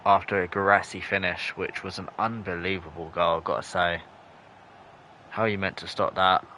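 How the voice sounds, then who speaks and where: A man with a low, deep voice casually narrates his football video game on a live stream. He chats loosely with viewers and calls them by name. He jokes in slang and swears when a match goes against him. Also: flat delivery, normal speed, bright, forceful tone, slight background noise. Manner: chatty and loose, answers chat viewers by name. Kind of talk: casual live-stream commentary, reacting to chat.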